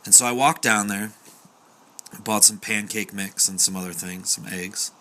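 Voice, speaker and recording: A man's voice: fairly low pitch, fairly even intonation, normal speed, sharp tone. A young man casually telling a true story, chatty, with fillers and acted-out quotes.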